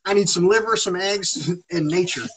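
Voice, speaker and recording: A man's voice: high-pitched, moderate pace, a little hiss or hum, poor audio. A man talking on a live stream in an agitated, rambling monologue, swearing heavily. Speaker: livestreamer.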